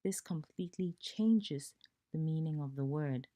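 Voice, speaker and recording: A woman with a Ghanaian accent teaching pronunciation, speaking slowly and deliberately and spelling out sounds one by one. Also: low voice, warm tone. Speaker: language teacher. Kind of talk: slow, careful pronunciation lesson.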